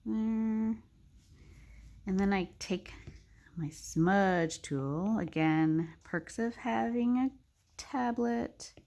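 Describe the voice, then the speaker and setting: A young woman narrating a casual drawing tutorial, chatty and thinking aloud with soft muttered asides. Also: medium pitch, very slow, long pauses.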